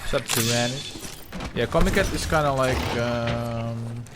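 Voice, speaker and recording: A man streaming a shooter, talking in a loose, profane, casual way between excited callouts. His voice sits in an ordinary middle range. Steady hiss and game noise run underneath the mic. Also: mid-range voice, measured pace. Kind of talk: casual chat while gaming. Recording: noisy game stream audio.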